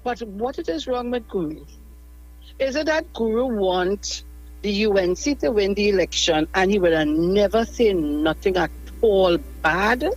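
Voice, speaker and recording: An older Trinidadian grandmother calling a radio show by phone from her car, animated and scolding. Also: mid-range voice, a little slow, faint music behind, low-quality recording. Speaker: caller. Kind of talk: call-in radio talk.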